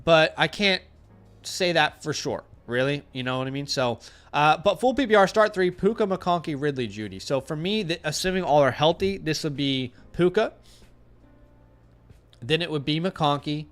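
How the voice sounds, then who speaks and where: Over soft background music, a man with a highish, slightly bright voice and lively intonation rambles through blunt fantasy football picks at a moderate pace. Hosting a casual live stream and answering viewer questions, he thinks aloud with fillers and restarts and has a runny nose.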